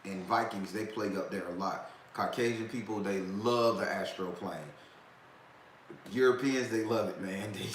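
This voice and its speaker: Low-voiced man telling a loose tale. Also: steady tone, normal speed. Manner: loose, profane, laughs often. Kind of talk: casual storytelling. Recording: echoey room, faint background noise.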